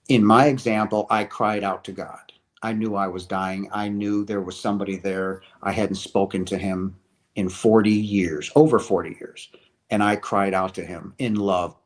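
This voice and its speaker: A middle-aged man giving an earnest, preachy spiritual talk to his viewers, often repeating phrases and asking "right?". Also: on the low side. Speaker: host of a chat stream.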